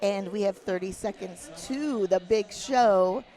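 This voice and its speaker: A woman co-hosts a roller derby broadcast, chatty and friendly as she reads through team lineups. Her voice sits at an ordinary middle pitch. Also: a little slow, warm tone. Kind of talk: live sports commentary. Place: arena broadcast booth.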